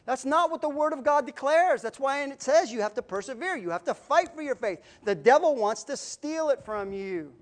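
A woman preaching a sermon in an earnest, emphatic way, swinging between loud declarations and quiet asides. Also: high voice, animated, normal speed, hardly any pauses. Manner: earnest, emphatic, rises and drops in volume.

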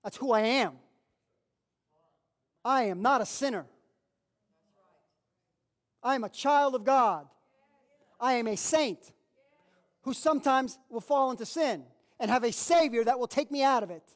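A man's voice: very high-pitched, a little slow, pauses often. A man preaching a sermon as pastor, folksy and emphatic, leading his congregation to repeat declarations after him. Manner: leads congregation in call-and-response declarations.

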